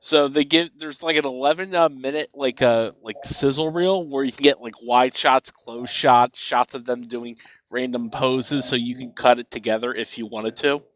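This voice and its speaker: A man's voice: medium pitch, normal speed, fairly bright tone. A man in casual chat, explaining with many fillers and restarts. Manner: rambling with fillers.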